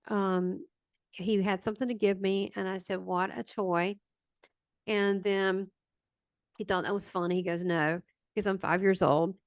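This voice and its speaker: With a Southern American accent, this woman from the Southern United States is a guest medium who wanders hesitantly through a personal near-death story, using many fillers. She speaks in a mid-range voice, and there's no echo.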